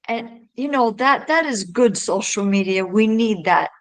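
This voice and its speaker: Woman podcast guest, earnest and heartfelt, unhurried delivery, rambling restarts. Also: on the high side, expressive, rough recording. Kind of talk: casual interview talk.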